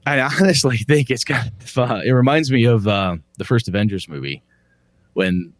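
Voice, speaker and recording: A middle-aged man co-hosting a podcast, chatting casually in an animated way and swearing freely as he tells stories. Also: mid-range voice, normal speed, no echo. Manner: animated, profane, storytelling. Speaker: podcast co-host. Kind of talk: casual chat.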